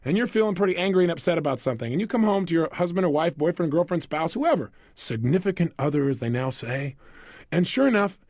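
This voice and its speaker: A man speaking in a higher register, his pitch swooping up and down as he teaches. The recording is close and dry, with no room around it. He keeps asking the listener questions and plays out little scenes. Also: quick pace, no room sound. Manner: animated, asks listeners questions and acts out quoted voices. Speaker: motivational speaker. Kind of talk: recorded self-help program talk.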